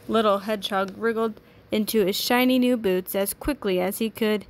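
A woman teacher reading a children's picture book aloud to a class, in clear, sing-song storytelling. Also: mid-range voice, steady tone, normal speed, a little hiss or hum.

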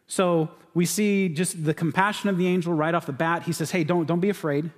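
A man's voice: a little high, fast, few pauses. A man from California preaching a sermon as pastor, in a conversational way with frequent restarts and repeated words. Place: church sanctuary. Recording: church sanctuary with long reverb.

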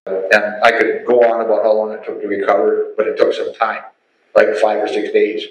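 A middle-aged man tells his personal testimony as an animated storyteller who acts out the voices. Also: on the low side, fairly quick, dull audio, slight background noise. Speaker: testimony speaker. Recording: echoey room, faint ambience.

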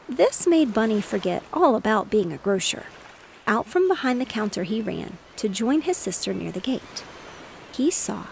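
A woman narrating a bedtime story in a gentle, steady reading voice. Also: mid-range voice, normal speed, gravelly, slight background noise. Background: faint waves.

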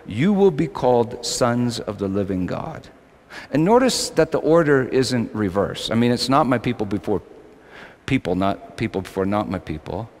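A male pastor preaching a sermon, swinging between loud, emphatic lines and quiet, low asides. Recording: long hall reverb.

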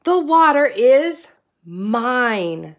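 A woman voicing a quarrelsome, greedy little male frog in a storybook, yelling defiantly. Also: on the high side, big pitch swings, very slow, heavily acted.

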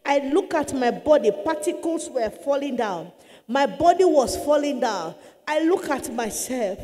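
Impassioned high-voiced woman evangelist. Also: expressive, measured pace, long reverb tail. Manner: impassioned, often crying and shouting. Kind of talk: preached testimony.

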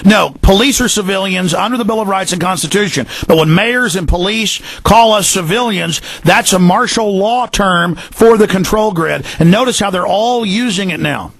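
A man hosting a talk radio show who speaks in rapid, intense, emphatic bursts. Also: sits high, vocal fry, a bit bright, no echo.

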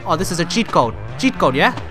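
A young man commentates his own gameplay in a high, bouncy voice that leaps all over the place. He brags and jokes, drops to mutters, then bursts into yells, with loud game music and engine noise under him. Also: a little fast. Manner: excitable, boastful, jokey, swings from mumbling to yelling. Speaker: gaming channel host. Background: loud game music and car engine sounds.

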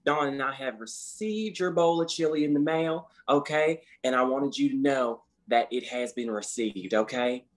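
A man's voice: mid-range voice, moderate pace, few pauses, close to an everyday voice. A man playing a folksy, fussy office manager on a conference call who keeps tacking "okay?" onto his sentences. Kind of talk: scripted comedy sketch on a conference call.

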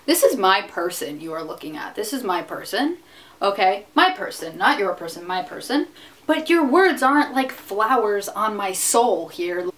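A woman's voice: mid-range voice, big pitch swings, a little slow, fairly bright tone. A young woman vlogger ranting to camera, exasperated, sarcastic and profane. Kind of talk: casual rant to camera. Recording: distant mic with faint noise.

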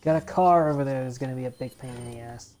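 A woman commentating a video game she is playing, swearing often and getting quickly exasperated at the game. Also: rumbling low, dark tone, slight background noise. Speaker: gamer. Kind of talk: let's play commentary.

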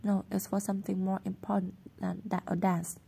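A woman's voice: medium pitch, little pitch movement, fairly quick, vocal fry, dark tone, a little hiss or hum. A woman reading the part of a sullen, defiant schoolgirl in a storybook, in an offhand manner.

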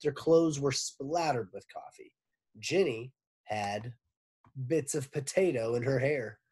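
A man, a teacher, reading a children's book aloud with expressive narration. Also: medium pitch, slow pace, breathy edge. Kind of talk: storybook read-aloud.

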